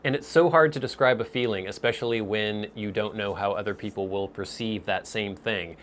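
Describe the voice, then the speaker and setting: A man hosts a casual Q&A vlog answering viewer questions, thinking aloud and searching for words with small restarts. His voice is lowish and a bit bright, at normal speed, with a little hiss or hum.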